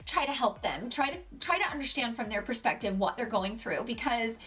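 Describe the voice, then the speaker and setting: A middle-aged woman talking to camera in a casual vlog, answering her viewers' questions. Her voice sits a little on the high side. She speaks earnestly and from the heart. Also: animated, brisk, bright, forceful tone. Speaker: beauty vlogger.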